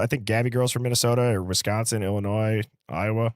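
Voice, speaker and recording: A man's voice: fairly low pitch, steady tone, fast, hardly any pauses, a little mellow, no echo, studio quality. A man hosting a live stream, chatting casually and greeting viewers from the chat. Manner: loose, friendly, reads chat aloud and greets viewers. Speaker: livestream host.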